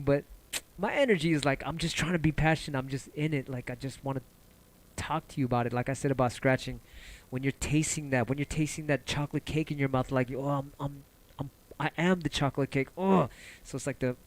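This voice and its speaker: Hosting a laid-back livestream, a man rambles from idea to idea in a loose, passionate way, swearing often. His delivery is animated, and his voice jumps in pitch when excitement takes over.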